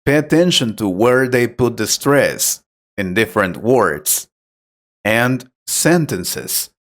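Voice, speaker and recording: A man acting as an English teacher who explains pronunciation tips patiently and clearly in a scripted conversation lesson. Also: mid-range voice, lively intonation, slow pace.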